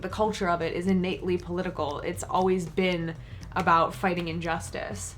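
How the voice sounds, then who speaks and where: A woman hosting a reaction video, talking casually and emotionally with lots of restarts. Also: on the low side. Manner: effusive, emotional, rambling with restarts.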